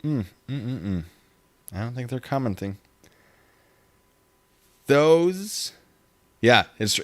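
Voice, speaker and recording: A man's voice: medium pitch, animated, slow, pauses often. A young man hosting a casual livestream, rambling and reading viewer comments aloud. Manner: rambling, reads chat aloud. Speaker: livestream host.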